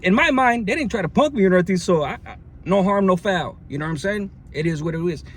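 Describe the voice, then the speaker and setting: A man's voice: sits high, animated, quick pace. A man telling a story from his time in jail in a casual, slang-heavy way, with many fillers and restarts. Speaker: storyteller recounting jail experience. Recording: faint background noise.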